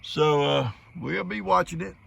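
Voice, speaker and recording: A man's voice: on the high side, measured pace, vocal fry, a bit bright. A man with a Southern US accent, outdoors by flooded fields, giving an easygoing, plain-spoken video update. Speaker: farm video host.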